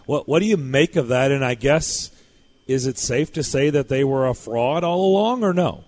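A man's voice: medium pitch, moderate pace, a little mellow. A man hosting a sports radio show, joking playfully with his guest and co-host.

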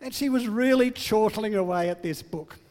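A man's voice: sits high, moderate pace, darkish tone, in a large hall. An older man giving a sermon, telling family stories in a humorous, self-deprecating way. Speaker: preacher.

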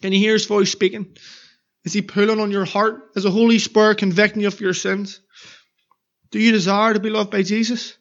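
A man's voice: sits high, level tone, fairly quick, fairly bright tone, muffled recording. A man preaching an evangelistic sermon in a church, earnestly pleading with repeated questions.

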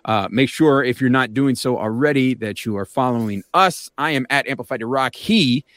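A man in his forties hosting a podcast, animated and wary, talking in quick asides. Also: mid-range voice, no room sound, studio quality. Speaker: podcast host. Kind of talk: casual podcast chat.

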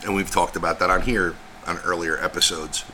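A man co-hosting a casual podcast, swearing constantly and rambling with animated energy. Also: low voice, brisk, background noise. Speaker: podcast co-host.

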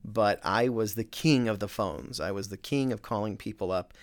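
A middle-aged man, a real estate agent, telling a story in a casual, animated, self-mocking way. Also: lowish voice, moderate pace. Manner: animated, self-mocking, with many fillers and restarts.

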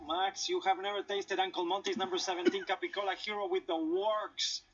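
An actor playing a sitcom man raving about sandwiches in a fairly high, flat voice. The TV audio is dull, and faint noise sits behind him. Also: brisk, close to an everyday voice. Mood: enthusiastic. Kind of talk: sitcom acting.

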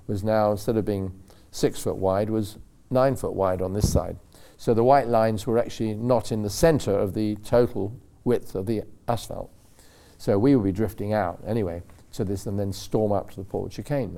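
A man's voice: fairly low pitch, mellow. An older man, a racing driver guest on a club talk show, telling long anecdotes in a rambling, self-correcting way and acting out the voices of the people he quotes. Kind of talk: anecdotal storytelling.

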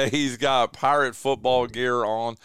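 A man's voice: medium pitch, steady tone, slow pace, a bit bright, clean tone, dry recording. A man hosting a casual sports radio show from a studio, chatty and full of fillers, often saying "dude.". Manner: chatty, filler-heavy, says "dude" a lot. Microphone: studio mic.

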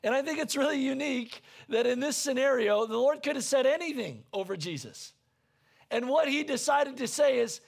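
Very high-pitched with lively intonation, vocal fry, and a moderate pace, a pastor preaches an earnest, conversational sermon over a slight hiss or hum. He repeats himself searching for words and nearly shouts when stirred.

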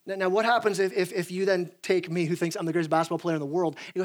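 A young man, a pastor, preaching a sermon in an animated way, with frequent restarts and acted-out quotes. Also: high-pitched, rapid-fire, hardly any pauses.

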